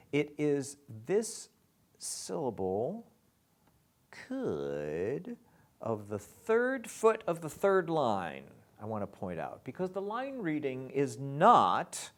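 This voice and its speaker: A man teaching lyric writing in a recorded lesson, reading lines of verse aloud slowly and tapping out their stresses while he marks them up. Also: mid-range voice, huge pitch swings.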